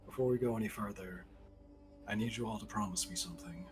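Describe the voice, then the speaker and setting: A man voices a cautious guide who speaks low and hushed, dropping at times to a whisper. Faint music plays underneath. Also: quick pace, close to an everyday voice. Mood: grave. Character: grave, cautious male guide.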